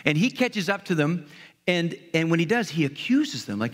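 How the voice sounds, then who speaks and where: A pastor preaching a sermon in a conversational way, retelling a story and briefly acting out its characters. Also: male voice, high voice, lively intonation, moderate pace. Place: church hall. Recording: long hall reverb.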